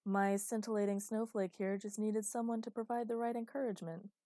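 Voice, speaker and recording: Woman reading a cheeky flirty soldier guy, deadpan sweet-talker, dry close audiobook sound. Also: medium pitch, fairly quick, no room sound, pitched above the performer's own voice, lightly acted. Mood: teasing. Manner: mock-romantic, teasing, deadpan. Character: teasing flirtatious grown man, playful soldier. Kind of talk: audiobook character voice.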